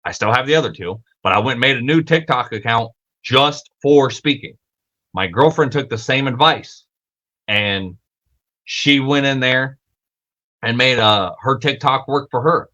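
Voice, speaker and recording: A man's voice: medium pitch, unhurried, pushed and bright, muffled recording. A young man hosting a casual livestream, rambling and self-correcting, swearing freely, with lots of filler words. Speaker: podcast host.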